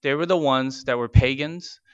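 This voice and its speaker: A man preaching a sermon, talking casually with many fillers and restarts and slowing down to stress key words. His voice is smooth and resonant, recorded close and dry. The sound is somewhat dull and muffled. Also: medium pitch, no room sound. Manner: conversational, with frequent fillers and restarts. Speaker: pastor.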